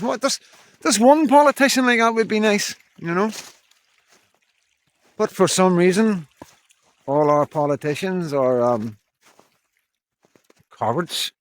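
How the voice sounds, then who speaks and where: On an evening stroll, a male vlogger with a thick regional accent, which he says captions garble, talks to his followers in a casual monologue recorded outdoors on a handheld phone. His slightly high voice rambles bluntly and downcast, circling back on points, swearing now and then and repeating "you know."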